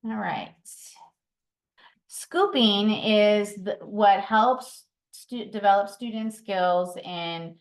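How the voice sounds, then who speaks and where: A woman walks trainees through reading routines at a steady, mid-pitched level. She explains patiently, correcting herself now and then with an um. Her voice carries a roomy echo from a home room. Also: drawn-out words. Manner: explanatory, patient, with frequent ums and self-corrections. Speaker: mentor trainer. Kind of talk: instructional training talk.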